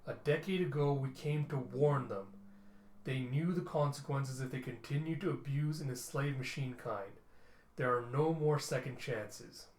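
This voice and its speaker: Man voicing stern ancient robots delivering slow verdicts, echoey room. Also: mid-range voice, a little mellow, lightly acted. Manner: slow, measured pronouncements. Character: cold ancient machine collective, stern judges.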